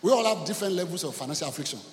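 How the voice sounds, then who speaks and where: A man's voice: sits high, expressive, very fast, a little hiss or hum. A man with a Nigerian accent preaching a sermon as pastor, leading the congregation in rhythmic call-and-response with emphatic repetition. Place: church hall. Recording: echoey hall with long reverb.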